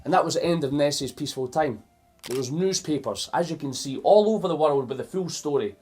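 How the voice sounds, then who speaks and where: Husky-voiced Scottish man reading a storybook. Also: on the high side, brisk, faint music behind. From Scotland. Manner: animated and playful, stopping to explain words to young listeners. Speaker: children's storyteller. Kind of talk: reading a picture book aloud to children.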